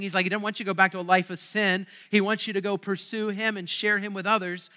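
A male pastor delivers a sermon to his church in a high, forceful, bright voice. His delivery is conversational yet emphatic, and he often turns to the crowd with rhetorical questions. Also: fairly even intonation, fairly quick, hardly any pauses. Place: church service.

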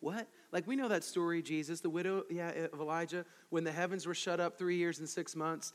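High-voiced preacher in a reverberant hall. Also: male voice, brisk. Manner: conversational, animated, with asides to the congregation. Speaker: pastor. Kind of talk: expository sermon.

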